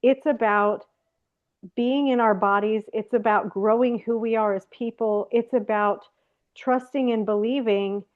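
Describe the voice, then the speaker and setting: A woman's voice: a little high, fairly even intonation, unhurried. A woman host giving a reflective, emphatic teaching talk. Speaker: host of a faith program. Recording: tinny phone-like call audio.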